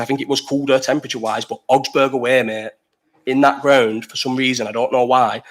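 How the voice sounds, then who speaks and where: A young man with a Liverpool accent hosts a casual livestream chat at a brisk pace. His voice sits at an ordinary pitch. He rambles through stories full of swearing and breaks off to answer the chat. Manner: rambling, sweary storytelling, reads chat aloud. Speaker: livestream host.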